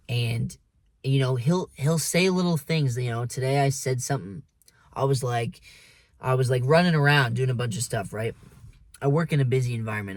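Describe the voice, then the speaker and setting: A man's voice: medium pitch, dry recording. A man talking in a casual, blunt monologue, swearing freely and preaching to the listener as "man" and "dude". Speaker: vlogger.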